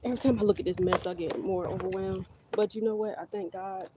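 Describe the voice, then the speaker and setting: A woman's voice: medium pitch, steady tone, fast, background noise. A middle-aged woman hosting a casual livestream outdoors in her garden, rambling chattily to her viewers on a handheld phone. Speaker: livestream host. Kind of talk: casual live-stream chat. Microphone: phone held close.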